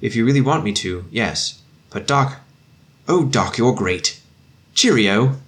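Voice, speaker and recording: A man reading a story voices a cheerful young infantry officer who calls out eagerly and warmly. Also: mid-range voice, expressive, slow. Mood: admiring.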